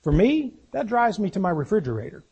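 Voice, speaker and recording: A man's voice: high-pitched, big pitch swings, a little fast, dark tone, slightly rough, muffled recording. A man preaching a sermon in a folksy, conversational way, putting questions to his congregation.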